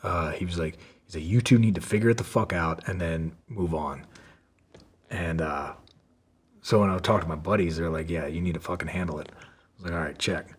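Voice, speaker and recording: A man's voice: sits low, fairly quick, breathy edge. A man telling a story from his past in a casual way, full of fillers and swearing, acting out the quotes. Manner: profane, lots of fillers, acts out quotes. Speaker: podcast guest.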